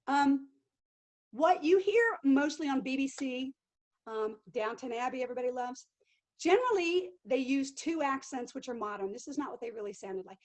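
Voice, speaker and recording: A middle-aged woman, a living history actress, answering interview questions in an animated way and acting out quotes. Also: sits high. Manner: animated, acts out quotes and accents.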